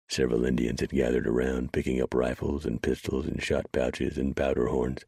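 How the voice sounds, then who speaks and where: A man narrating an audiobook in a steady, unhurried storytelling manner. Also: rumbling low, vocal fry, slightly rough, no echo, studio quality.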